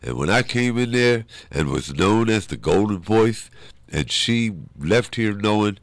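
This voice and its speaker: A man's voice: fairly low pitch, unhurried, dry recording. A man, a guest in an interview, telling a personal story and acting out the voices of the people in it. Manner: animated storyteller who acts out quoted voices.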